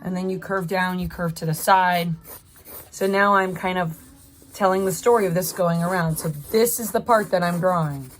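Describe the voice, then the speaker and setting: A woman's voice: on the low side, moderate pace, slight background noise. Chatty woman art teacher thinking aloud. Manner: encouraging, chatty, thinks aloud while drawing. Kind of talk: narrated drawing tutorial.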